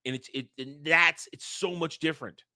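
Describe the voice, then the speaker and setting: A man delivering an angry, profane rant as the host of a commentary channel, sometimes breaking into shouts. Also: a little high, moderate pace, no echo, clean studio sound. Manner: heated, profane, shouting at times.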